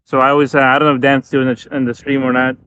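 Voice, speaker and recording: A man chatting casually on a live stream, relaxed, explaining how to pronounce names. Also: mid-range voice, rapid-fire, slight background noise. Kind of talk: casual chat. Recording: dull, dry lo-fi stream audio.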